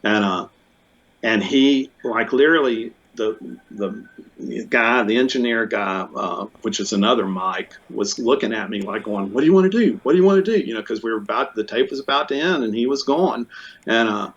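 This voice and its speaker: A man being interviewed, telling a long story in a casual, rambling way with many restarts, fillers and bursts of excitement. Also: fairly low pitch, normal speed. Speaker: interview guest, musician. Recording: muffled lo-fi audio.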